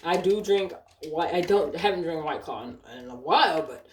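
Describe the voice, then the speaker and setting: A woman's voice: on the low side, expressive, moderate pace. A woman telling a casual storytime about a customer at her job, blunt and profane. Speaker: store cashier telling a story. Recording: echoey room, faint noise.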